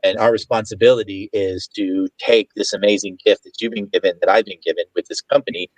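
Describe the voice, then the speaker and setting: A man talking as a guest in a casual online chat, earnest and measured in his manner. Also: lowish voice, fairly even intonation, dry recording, poor audio. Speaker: guest, real estate agent.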